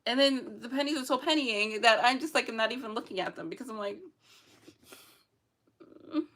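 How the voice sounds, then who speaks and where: A woman's voice: fairly high pitch, brisk, fairly bright tone. A young adult woman chatting casually in a rambling, emotional vlog, sometimes laughing through tears. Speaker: vlogger. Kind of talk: casual chat.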